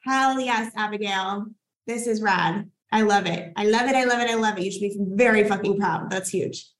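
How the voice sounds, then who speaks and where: A woman's voice: mid-range voice, moderate pace, poor audio. A young woman hosting a workshop as a podcast coach, enthusiastic and hyped, swearing casually as she cheers people on.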